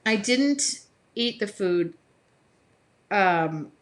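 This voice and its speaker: Hosting a casual live stream as she paints, this Midwestern American woman chats away, laughs frequently, reads viewer comments aloud and sings snippets of songs. Her medium-pitched voice has lively intonation, and she speaks very slowly.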